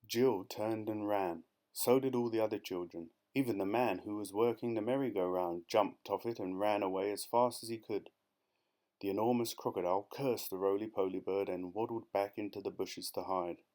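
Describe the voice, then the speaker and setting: A man narrates a children's storybook audiobook in a fairly low voice. His reading is lively and expressive, building with the action. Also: normal speed. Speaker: audiobook reader.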